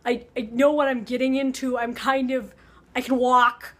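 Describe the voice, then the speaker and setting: A woman's voice: on the high side, level tone, moderate pace, fairly bright tone. A woman voicing an indignant young woman who scolds a friend in exasperation.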